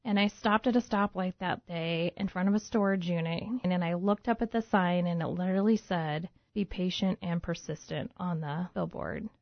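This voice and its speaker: A woman's voice: lowish voice, normal speed, hardly any pauses, no room sound. Woman telling her story, dull dry recording. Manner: lively storyteller who acts out her own past thoughts. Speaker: guest, home baker turned business owner. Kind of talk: personal storytelling in an interview. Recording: dull, muffled lo-fi sound, dry.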